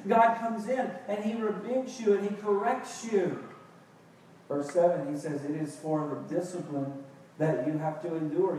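A man's voice: sits high, a little mellow, a little hiss or hum. A man preaching a sermon as pastor, building to emphatic, impassioned outbursts. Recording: echoey hall, picked up from a distance.

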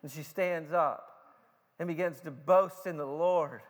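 Male pastor preaching, high-pitched, unhurried, emphatic with stumbling restarts; big hall reverb. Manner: emphatic preaching with repeated stutters and slowed, stressed phrases. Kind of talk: sermon.

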